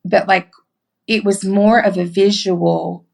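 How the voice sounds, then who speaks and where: A middle-aged woman from Arkansas with a Southern accent, a podcast guest telling stories in emphatic, animated casual chat with plenty of swearing. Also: mid-range voice, takes it slowly, creaky.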